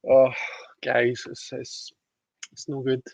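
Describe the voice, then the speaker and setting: A man's voice: mid-range voice, completely flat delivery, slow, creaky, darkish tone, dry recording. A man hosting a livestream, chatting casually, reading out viewer comments with giggly, self-deprecating asides. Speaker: livestream host reading tarot.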